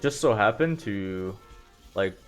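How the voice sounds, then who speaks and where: A man's voice: fairly low pitch, animated, takes it slowly, faint music behind. A young man streaming, rambling casually through stories with lots of fillers and self-deprecating asides. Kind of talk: casual storytelling on a live stream.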